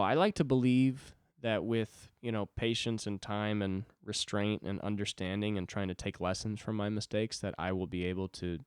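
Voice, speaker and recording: A man's voice: lowish voice, clean tone, no echo, clean studio sound. A man in his twenties talking alone on his own podcast, rambling, swearing and mocking himself. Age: 20s. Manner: rambling, profane, self-deprecating. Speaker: podcast host. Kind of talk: solo podcast monologue.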